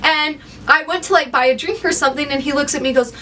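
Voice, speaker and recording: A young woman vlogger casually telling a work story, animated and acting out what people said. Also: high-pitched, fast talker, few pauses. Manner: animated storyteller, acts out quotes. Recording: slightly distant mic, faint background noise.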